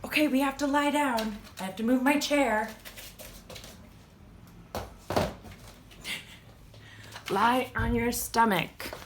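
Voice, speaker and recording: A woman's voice: on the high side, slow, pauses often. A woman reading a children's picture book aloud and leading simple yoga poses, playful, with animal sounds. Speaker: children's storytime host. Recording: roomy echo.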